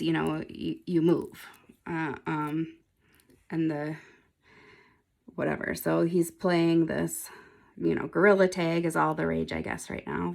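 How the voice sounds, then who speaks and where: A woman's voice: fairly low pitch, creaky. A woman in her forties, a nail polish vlogger, rambling casually to camera with lots of ums and frequent laughs. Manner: rambling, chatty, laughs often, many ums.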